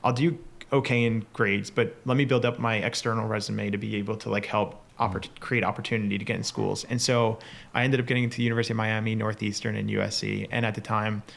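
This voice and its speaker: A man's voice: lowish voice, little pitch movement, creaky, a bit bright. A man with a New York area accent, a company founder talking passionately as a podcast guest, full of fillers. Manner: fast, filler-heavy, passionate. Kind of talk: casual chat.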